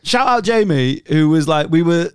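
A jokey man chatting on a podcast from his room, laughing often. His pitch swings up and down a lot, and the sound is dry and close. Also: lively intonation, moderate pace, clean tone, no echo. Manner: jokey, laughs often, slips into silly voices. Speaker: podcast co-host. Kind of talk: casual chat. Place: home room.

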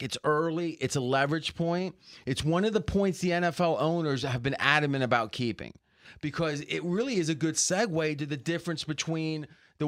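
A man's voice: on the high side, fairly bright tone, no room sound, clean studio sound. A man talking football as a guest analyst, arguing his points animatedly and restarting sentences as he thinks aloud. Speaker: sports betting analyst guest. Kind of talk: casual sports talk.

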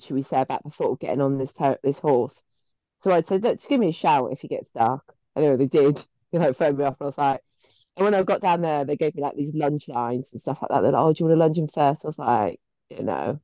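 A woman's voice: low-pitched, mellow, no echo, muffled recording. A woman co-hosting a podcast, telling stories in a chatty, sweary way with laughs mid-story. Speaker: podcast co-host. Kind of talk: casual chat.

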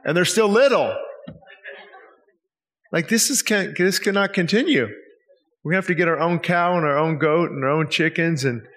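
A man's voice: a little high, moderate pace, long pauses, a bit bright. A man preaching an evening sermon in church, earnest and pleading, asking his listeners many rhetorical questions. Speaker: pastor. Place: church service.

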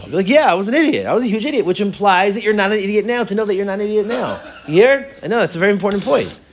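A man teaching a Torah class as a rabbi, with playful, self-mocking humor and words he often repeats as he thinks aloud. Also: high voice. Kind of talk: animated Torah lecture.

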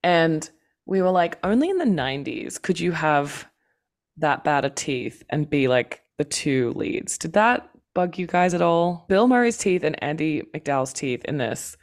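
A woman co-hosting a film podcast, chatting casually in rambling, quick bursts. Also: low-pitched, expressive. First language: not American. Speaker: podcast co-host.

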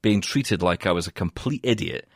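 A man from the UK co-hosting a podcast in casual chat, telling a story in an animated way and often laughing. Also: deep voice, moderate pace, slightly rough, no echo, studio quality. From United Kingdom. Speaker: podcast co-host.

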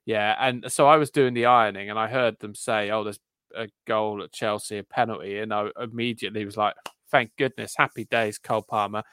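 Male podcast co-host, smooth resonant voice, dry close sound, chatty and wry. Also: lowish voice, a little fast, no room sound. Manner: chatty, self-deprecating, animated asides. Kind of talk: casual chat.

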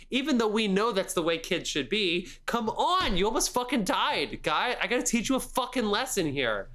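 A man's voice: high-pitched, moderate pace, few pauses. A young man co-hosting a podcast, ranting about a movie with lots of swearing and mocking quotes. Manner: animated ranting with profanity and mock quotes. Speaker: podcast co-host. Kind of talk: casual movie review chat.

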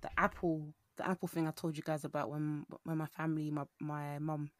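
Young woman, animated, dry close sound. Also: low-pitched, fairly quick, no echo. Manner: animated, laughing storyteller who acts out quotes. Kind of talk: casual chat.

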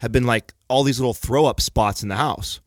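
A man's voice: mid-range voice, brisk, no echo, clean studio sound. A man telling a long story in casual chat, rambling and swearing freely as he goes.

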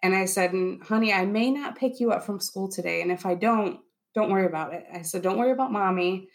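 A woman's voice: medium pitch, fairly quick. A woman in her thirties giving an earnest personal testimony in an interview, reliving events and quoting her own thoughts. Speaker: interviewee, bereaved military spouse.

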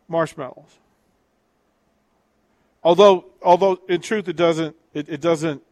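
A male sports radio host talks casually and loosely, often restarting his sentences as he reads out listener texts. His voice sits fairly high for a man. The sound is dry and close, with no room echo. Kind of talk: casual call-in sports talk.

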